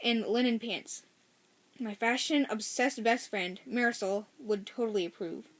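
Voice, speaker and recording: A woman reads a novel aloud in a casual, first-person way. She often stops to correct herself and adds chatty asides. Her voice sits somewhat high. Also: unhurried, no room sound. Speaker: story reader.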